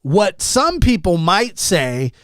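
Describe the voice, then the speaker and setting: A young man hosting a casual podcast, with a fairly high voice. He tells his story with exasperated energy and acts out the lines of the people in it. The sound is dry and close to the mic. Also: slow, no room sound. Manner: animated, exasperated storyteller acting out quotes. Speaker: podcast host.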